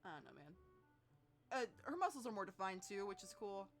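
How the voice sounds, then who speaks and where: A woman's voice: mid-range voice, sing-song, brisk, faint music behind. A woman streaming a visual novel, reacting and joking in live commentary.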